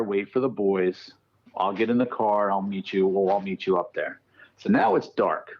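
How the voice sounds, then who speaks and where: In a muffled recording, a man with a lowish voice shares a ghost story as a podcast guest who researches the paranormal. He tells it animatedly, performing the quotes of the people involved.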